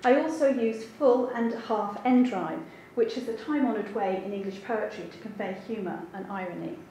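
A woman's voice: medium pitch, warm tone. A woman translator giving an academic seminar talk, thoughtful and hedging with frequent ums. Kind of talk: academic lecture. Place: lecture room. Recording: very echoey room with faint background hiss.

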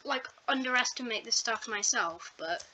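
A woman's voice: fairly high pitch, moderate pace, sharp tone. A woman chatting casually alongside a gaming video as a friend, teasing and wisecracking. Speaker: co-commentator friend. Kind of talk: casual chat. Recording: clear background noise.

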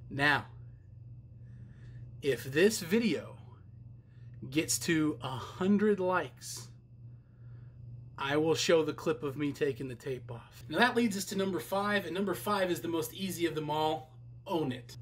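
A man's voice: a little high, slight background noise. Candid, self-mocking young man vlogging. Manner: candid, self-deprecating, conversational. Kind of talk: casual how-to vlog.

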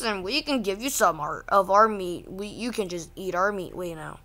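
A woman with a mid-range, pushed and bright voice hosts a casual vlog, reacting to things online. She rants slowly and gets exasperated easily.

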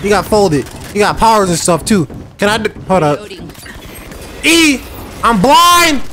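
A gamer giving excited, trash-talking commentary while playing a shooter game. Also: mid-range voice, unhurried, a little hiss or hum. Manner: hyped, whooping, trash-talking. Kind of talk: live gameplay commentary. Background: faint game music and gunfire.

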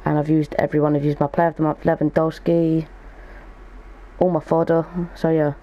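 A man's voice: a little high, completely flat delivery, normal speed, lo-fi sound. A young man giving casual gaming commentary as a YouTuber, thinking aloud as he goes. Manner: chatty, thinks aloud while opening packs.

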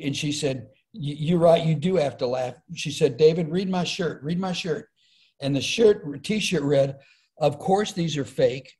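Middle-aged comedian, animated storyteller, slightly high, mellow tone. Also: male voice. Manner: animated, acts out quoted voices. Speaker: comedian and speaker, podcast guest. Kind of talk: storytelling in conversation.

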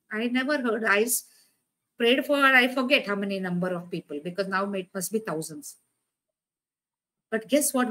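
A woman delivers a sermon in a loose, conversational way. Her voice sits a little high, and she leans on rhetorical questions and repeated words to drive her points home. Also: low-quality recording. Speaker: preacher.

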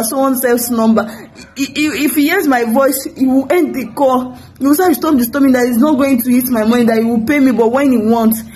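A young woman with a Nigerian English accent speaks straight to camera, her high voice tearful and pleading. She circles back over the same words as she begs, a film producer close to crying. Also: poor audio. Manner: pleading, repetitive, breaking into tears. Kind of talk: emotional direct-to-camera appeal.

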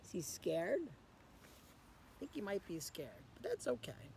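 A man reading a picture book aloud to children as a guest reader, pausing often to ask the children questions. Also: high-pitched, huge pitch swings, vocal fry, darkish tone, a little hiss or hum.

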